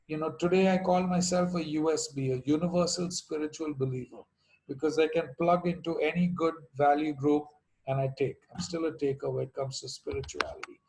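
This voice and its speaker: Middle-aged guy from india, kinda high voice, sharing his recovery story w dry jokes. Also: a little mellow, rough recording. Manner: storytelling with wry jokes and little asides. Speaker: speaker at a recovery meeting. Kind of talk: personal recovery story told to a meeting.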